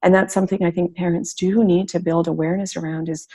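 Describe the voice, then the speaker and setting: A woman's voice: on the low side, flat delivery, fast talker, dark tone, husky. A woman hosting a podcast interview, speaking in an earnest, reflective way. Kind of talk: conversational interview.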